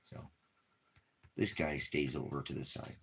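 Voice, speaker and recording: Speaking a little slowly in a bass voice with vocal fry, a bit of brightness and fairly even intonation, a ministry vlogger rambles about money and leaving town. He turns to his dog now and then with bursts of affectionate baby-talk, over slight background noise.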